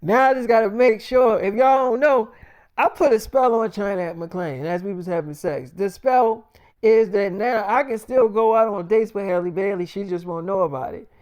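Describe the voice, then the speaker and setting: A man's voice: sits high, normal speed, a little mellow, smooth, muffled recording. Young man spinning a boastful story. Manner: casual slangy, profane, boastful. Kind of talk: improvised storytime narration.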